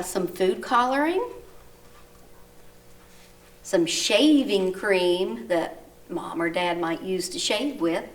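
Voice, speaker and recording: A woman teaching a recorded lesson to young children, gently coaxing and asking them questions, reading sentences aloud with exaggerated rises and falls of her voice. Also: medium pitch, distant mic, a little hiss or hum. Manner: slow, exaggerated read-aloud with rising and falling voice.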